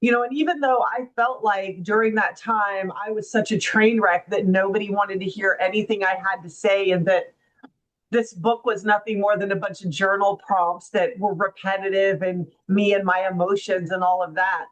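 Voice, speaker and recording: A woman's voice: medium pitch, fairly even intonation, moderate pace, rough recording. A middle-aged woman, a guest author, telling her story in a heartfelt, reflective way, with many "you know" and "right?" asides. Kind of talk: casual interview storytelling.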